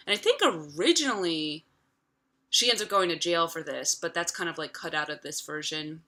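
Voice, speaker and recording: A woman's voice: lowish voice, moderate pace, sharp tone. A woman in her thirties casually retelling a film from memory, chatty and profane, full of filler words. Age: 30s. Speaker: vlogger.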